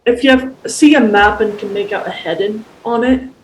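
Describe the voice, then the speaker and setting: A man speaking in character as a player in a tabletop game, relaxed and offhand with restarts. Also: high-pitched, normal speed, a little hiss or hum, low-quality recording. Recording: music playing behind.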